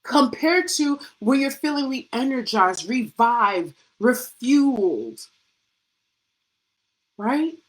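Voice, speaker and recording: A woman's voice: on the high side, very animated, extremely slow, low-quality recording. A middle-aged woman and faith coach giving a devotional pep talk, full of rhetorical questions and punchy repetition, with casual vernacular slang.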